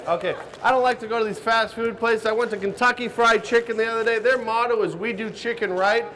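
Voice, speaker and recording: A man's voice: very high voice, steady tone, fast talker, pushed and bright. A man doing live stand-up comedy and hosting a cooking show, brashly teasing the audience between jokes. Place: outdoor stage at a crowded show. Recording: live crowd and hall noise.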